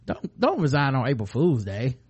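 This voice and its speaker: A man's voice: mid-range voice, wildly swooping pitch, moderate pace, a little mellow, husky. Man reading news with crude jokes. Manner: reads news aloud, then cuts in with crude jokes. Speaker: podcast co-host. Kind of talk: comic news read with banter.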